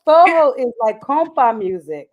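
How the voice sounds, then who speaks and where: A woman's voice: sits high, very animated, unhurried, highs cut off. Chatty middle-aged woman host. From Haiti. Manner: chatty, folksy, uses y'all. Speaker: retreat host. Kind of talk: casual livestream chat.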